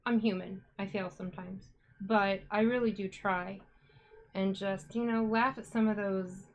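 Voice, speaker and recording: A woman's voice: mid-range voice, fairly even intonation, unhurried, a little hiss or hum. A woman hosting a casual live stream as a yarn dyer, chatty and upbeat, talking to her viewers as she works.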